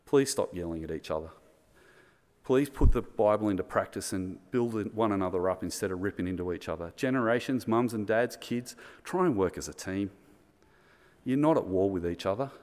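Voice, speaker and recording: A man's voice: on the low side, darkish tone, long reverb tail. A middle-aged man with an Australian accent preaching a sermon in an earnest, conversational way. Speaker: pastor.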